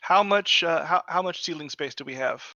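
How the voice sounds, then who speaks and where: A man's voice: fairly high pitch, a little fast, bright, forceful tone, dry recording. A man playing a tabletop game, asking matter-of-fact questions about the scene. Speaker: player. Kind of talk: casual tabletop game chat. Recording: dull, lo-fi mic.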